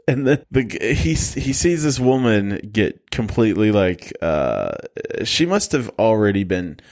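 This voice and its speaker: A man's voice: on the low side, unhurried. A man co-hosting a podcast, casually recapping a movie with jokes and frequent laughter. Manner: joking, animated retelling with laughs. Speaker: podcast co-host. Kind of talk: casual movie-review chat.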